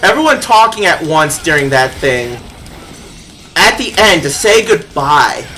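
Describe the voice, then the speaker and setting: A game streamer chatting casually while playing, rambling and giggly, quick to laugh at their own slips. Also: medium pitch, big pitch swings, bright, forceful tone, faint music behind. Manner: rambling, giggly, self-deprecating. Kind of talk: casual live-stream chat while gaming.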